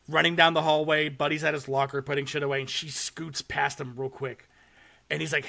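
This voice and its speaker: A young man hosting a podcast, casually and excitedly retelling a short horror film with swearing and laughter. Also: fairly high pitch, normal speed, gravelly. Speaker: podcast host. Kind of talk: casual chat.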